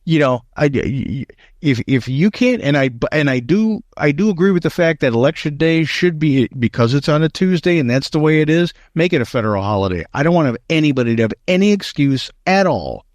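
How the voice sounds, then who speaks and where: A man's voice: on the high side, expressive, fairly quick, darkish tone, dry recording. A man co-hosting a casual political talk show, emphatic and opinionated, often restarting his sentences. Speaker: co-host.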